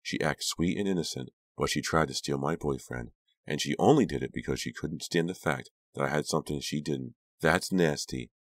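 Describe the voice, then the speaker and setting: A man's voice: rumbling low, normal speed, dry recording. A man voicing a teenage girl, heated and shaken, protesting and pleading with a raised voice. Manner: heated, then shaky and bewildered. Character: frightened, indignant teenage girl.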